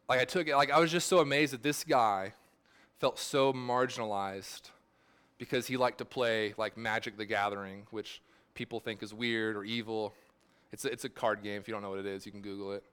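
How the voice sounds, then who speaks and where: A man's voice: medium pitch, a bit bright, clean tone. A man pastor giving a sermon in a casual, rambling way, full of fillers and restarts.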